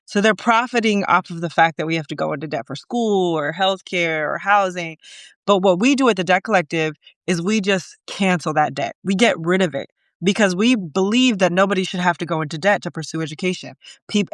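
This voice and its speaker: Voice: medium pitch, fairly quick, fairly bright tone, no echo, clean studio sound. A host in a casual interview, explaining things plainly and supportively.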